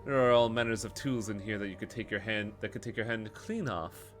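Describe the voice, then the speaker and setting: A man voicing a cultured, smooth-talking male Russian smuggler who is polite, measured and faintly menacing. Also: on the low side, soft background music, lightly acted. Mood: courteous.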